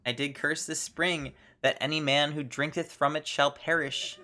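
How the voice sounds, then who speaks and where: A woman putting on the voice of a spiteful old female witch, drawing each cursing word out slowly while reading game dialogue aloud. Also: low-pitched, steady tone, pushed and bright. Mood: ominous. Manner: slow, drawn-out incantation.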